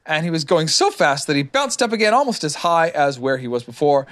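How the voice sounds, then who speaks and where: A man reading a storybook aloud to a child, lively and expressive. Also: a little high, fairly quick. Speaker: reader.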